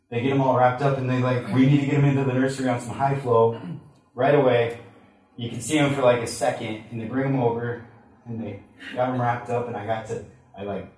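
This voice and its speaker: A man in a large room tells an audience a personal story, earnest and halting, slipping into the voices of the people he quotes. His voice sits at an ordinary pitch for a man and reaches the mic from a distance. The hall around him is strongly echoey. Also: a little mellow. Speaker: speaker sharing a personal testimony. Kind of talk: emotional storytelling to a live audience.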